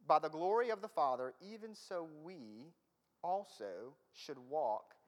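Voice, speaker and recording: A man preaching a conversational sermon, often laughing and losing his place as he reads from slides. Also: on the high side. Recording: reverberant hall.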